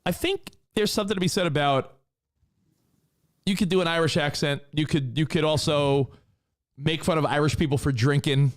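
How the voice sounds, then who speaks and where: In relaxed podcast talk, a Los Angeles co-host tells wandering, animated tales. He speaks at a moderate pace in a fairly high-pitched voice.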